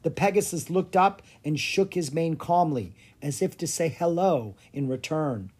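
An audiobook narrator giving an expressive storybook reading. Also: mid-range voice, a little slow, breathy edge.

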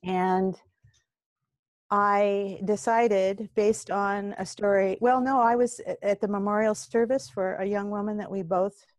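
A woman's voice: mid-range voice, unhurried, no echo. An older woman, a singer-songwriter and courage coach, telling stories in a casual interview and acting out the voices she quotes. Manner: animated storyteller who acts out quoted voices.

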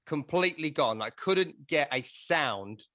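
A man's voice: on the high side, animated, a little slow, sharp tone, dry recording, clean studio sound. A man hosting a podcast, telling stories in a chatty, wry way. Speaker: podcast host. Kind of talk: casual podcast chat.

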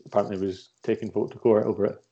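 A man telling animated anecdotes in casual chat and swearing freely. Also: on the low side, fast talker. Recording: dull lo-fi sound.

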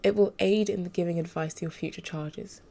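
A woman's voice: lowish voice, fairly even intonation, fairly quick, gravelly, dark tone. A woman reading the part of a troubled young female angel tutor in a formal, hesitant, restrained way. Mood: earnest.

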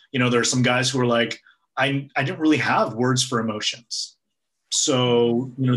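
A man who runs a men's group talks in a reflective, casual way, with frequent fillers and pauses. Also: mid-range voice, a bit bright, rough recording. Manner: reflective, many fillers and hedges. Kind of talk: casual conversation.

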